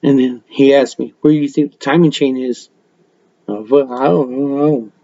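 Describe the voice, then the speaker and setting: A man's voice: mid-range voice, fairly even intonation, moderate pace, mellow, lo-fi sound. A man hosting a casual podcast, telling rambling stories full of swearing and laughter. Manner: profane, laughing, rambling storyteller. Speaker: podcast host. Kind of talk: casual storytelling. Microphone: webcam mic.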